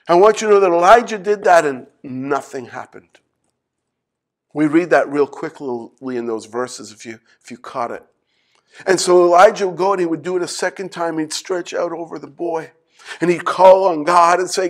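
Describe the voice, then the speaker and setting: A man delivers a sermon from the pulpit with a notably high-pitched voice. He retells a scripture passage and turns to the congregation with pointed rhetorical questions. Now and then he pauses to clear his throat. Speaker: pastor.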